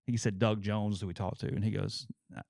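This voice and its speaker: A man co-hosting a sports talk show, reading ads and telling a rambling, animated story in casual chat. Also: fairly low pitch, fairly quick, vocal fry, dry recording, clean studio sound. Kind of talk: casual chat and live ad reads.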